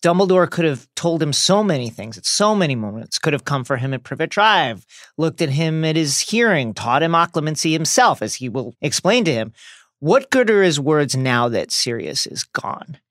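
A man co-hosting a book-discussion podcast, speaking in a measured, conversational way with wry asides. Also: a little high, sing-song, fairly bright tone, no echo, studio quality. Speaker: podcast co-host.

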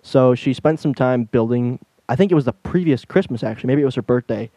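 A man's voice: mid-range voice, brisk, no echo. A young man hosting a casual chat, telling funny family stories with lots of laughter. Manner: animated storyteller, laughs while telling stories. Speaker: podcast host.

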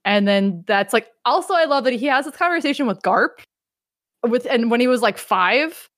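A woman hosting a casual podcast chat, animated and swearing freely, acting out quotes as she talks. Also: on the high side, moderate pace, no echo, studio quality. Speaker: podcast host.

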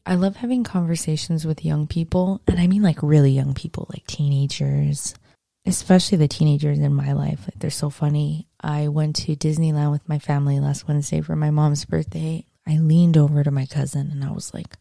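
A young woman talks through a casual solo podcast episode, jokey and loose, with a few curse words. Her voice sits low and mellow, with a gravelly fry. The sound is dry and close. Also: fairly even intonation, a little fast, dry recording. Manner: chatty, jokey, swears casually. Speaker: podcast host. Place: outdoors on a walk.

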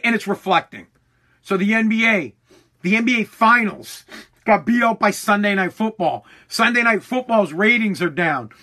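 A man ranting angrily with heavy profanity, mocking others with quick put-on voices. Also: high-pitched, bright, forceful tone. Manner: heated, profane, mocking impressions. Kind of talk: ranting commentary.

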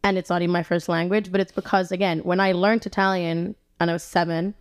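A woman's voice: on the low side, little pitch movement, fast, clean tone, no echo, studio quality. A young woman chatting casually as a podcast guest, full of "like" fillers and restarts, swearing freely.

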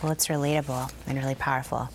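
A woman's voice: rumbling low, flat delivery, fast talker, a little hiss or hum. A woman guest-hosting an interview who asks her questions with enthusiasm and affirms what the man says. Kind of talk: conversational interview.

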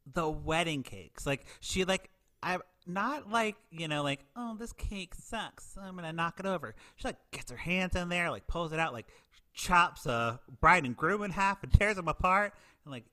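A man's voice: fairly high pitch, no echo. A man in his twenties chatting casually on a podcast, recapping a movie and acting out the characters' lines. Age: 20s. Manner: animated, acts out characters' lines. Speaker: podcast co-host.

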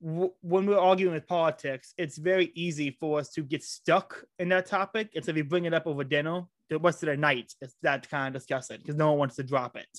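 A man hosts a casual chat, excitable and tripping over his own restarts. His voice sits fairly high for a man. The sound is close and dry, with no room around it. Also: dry recording. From United States. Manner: excitable, quick restarts and stumbles. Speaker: podcast host. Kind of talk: casual conversational interview.

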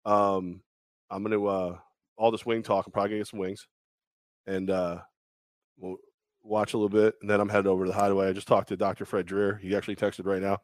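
A man in his forties co-hosting a sports talk show, telling stories casually and mimicking others in high squeaky voices. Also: brisk, dry recording, studio quality. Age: 40s. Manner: animated storytelling, acts out high-pitched quoted voices. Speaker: radio show co-host.

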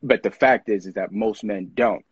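A man's voice: on the low side, moderate pace, husky, no echo, highs cut off. A man talking casually and earnestly in a podcast conversation, reflecting on friendship and feelings and acting out what others say. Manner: earnest, reflective, acts out quoted voices.

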